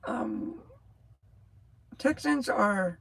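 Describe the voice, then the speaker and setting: Gravelly sixties trucker lady, scratchy rattly voice, talks slow, rambles and loses her thought. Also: a little high, animated. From New Mexico. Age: 60s. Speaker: livestream host, truck driver. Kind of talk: casual livestream chat.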